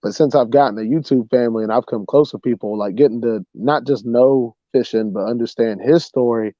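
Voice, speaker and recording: A young man hosting a livestream, casually telling a funny story, animated and saying "bro" a lot. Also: medium pitch, fairly quick, dry recording, highs cut off. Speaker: livestream host.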